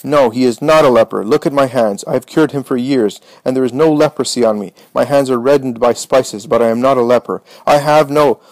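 A man's voice: medium pitch, a little fast, hardly any pauses, darkish tone, dry recording, natural voice. A man voicing Martha, a grieving, anxious woman who pleads and protests in distress. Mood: distraught.

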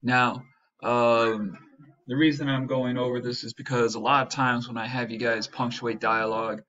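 A man's voice: medium pitch, little pitch movement, normal speed, bright, forceful tone. A male teacher giving an upbeat, jokey classroom lesson, checking in with "right?" after nearly every point. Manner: tags sentences with "right?". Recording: dull lo-fi recording.

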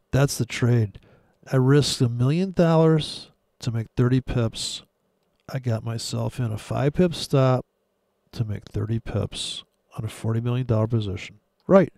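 A man's voice: medium pitch, vocal fry, dark tone, no echo, clean studio sound. A man giving crude, sarcastic commentary while trading live charts. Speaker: forex trader.

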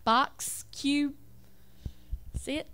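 A woman's voice: high-pitched, fairly even intonation, drawn-out words, bright, forceful tone. A woman giving an emphatic religious talk over slides, with rhetorical questions and self-corrections. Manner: reads lists aloud, self-correcting. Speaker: religious speaker.

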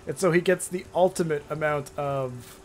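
Excitable high-voiced man streaming a game. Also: moderate pace, slight background noise. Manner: excitable, crude jokes, frequent laughing and shouting. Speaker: gameplay streamer. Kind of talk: casual gameplay commentary.

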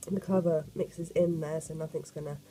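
Woman, croaky cold voice, low and mellow, gushing unboxing chat, faint music behind. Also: a little fast, rough recording. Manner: chatty, gushing and excitable. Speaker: art vlogger. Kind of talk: casual unboxing vlog.

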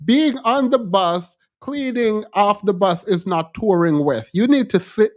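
A man's voice: high-pitched, lively intonation, a little slow. A man hosting a reaction commentary, sarcastic and mocking. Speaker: commentary channel host.

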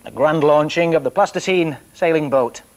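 A man presenting a children's television programme speaks gently and playfully to young viewers while floating toy boats. His voice is a little high and his speed normal, on poor audio.

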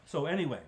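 A man, a pastor, teaching a Bible study in a conversational way, clearing his throat often and restarting phrases. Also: on the high side. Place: church. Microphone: livestream recording.

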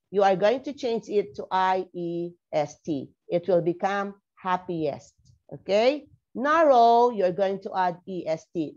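A woman's voice: on the high side, dull audio. A woman teaching a grammar lesson online, spelling words out letter by letter and checking in with "okay?" after many points. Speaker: English teacher.

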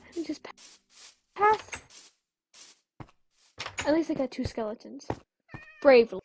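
A woman's voice: sits high, sing-song, a little slow, slight background noise. A woman giving let's play commentary, jumpy and gasping, chattering to the creatures in her game. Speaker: gamer.

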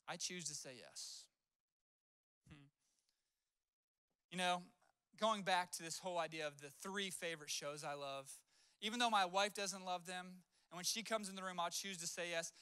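Male pastor, story-driven sermon; bright tone, dry sound. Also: high voice, normal speed, long pauses, clear, resonant tone, no room sound. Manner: conversational storytelling with acted-out quotes.

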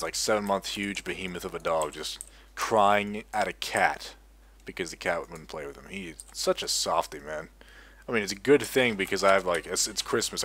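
A tired young man talks through his game in a loose, rambling ramble, swearing freely and poking fun at himself. His voice sits a little low, and keyboard typing clicks along behind him. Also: a bit bright. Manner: rambling, profane, self-mocking. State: sleep-deprived, tired. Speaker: gaming video creator. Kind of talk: casual gameplay commentary.

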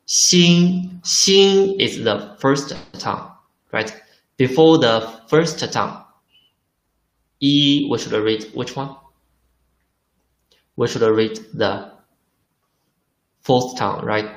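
A man teaching a language lesson at a very slow, careful pace, repeating each example and checking in with "right?" His voice sits at an ordinary middle pitch. The room around him rings with echo. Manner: slow and deliberate, repeating words, asks the learners questions.

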